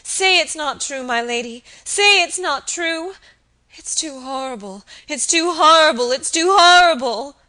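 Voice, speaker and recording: A woman voicing a distraught young maid who pleads and sobs in a high, loud, frantic voice. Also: lively intonation, normal speed. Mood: pleading.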